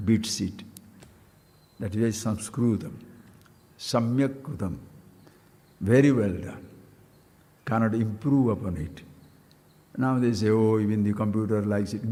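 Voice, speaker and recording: A man giving a spiritual discourse, playful and animated, chanting syllables with big leaps in pitch. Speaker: spiritual teacher. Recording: long hall reverb.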